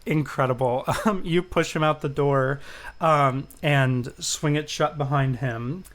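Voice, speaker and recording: A man's voice: fairly high pitch, a little slow, a bit bright. A man narrating as game master in a tabletop role-playing game, with many fillers and eager praise. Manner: filler-heavy, enthusiastic praise.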